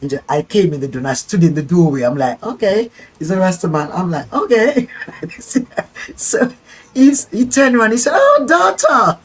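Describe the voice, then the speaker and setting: An older woman telling a personal story as an interview guest. She is an animated storyteller who acts out dialogue and laughs often. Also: low voice, moderate pace, husky, rough recording.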